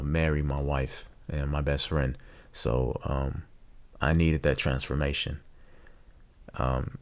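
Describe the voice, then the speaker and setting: A young man hosting a podcast, talking earnestly and reflectively, often halting and restarting his sentences. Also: rumbling low, a little mellow. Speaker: podcast host. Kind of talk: reflective personal talk.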